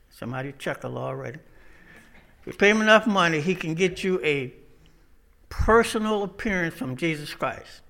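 A man preaching, his voice pitched high and bright. He drifts from folksy jokes into sermon talk with loose, casual grammar.

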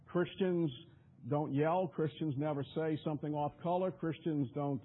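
A man's voice: fairly high pitch, fairly even intonation, normal speed, phone-quality sound. A man preaching a sermon in an emphatic, repetitive way, often stumbling over his restarts.

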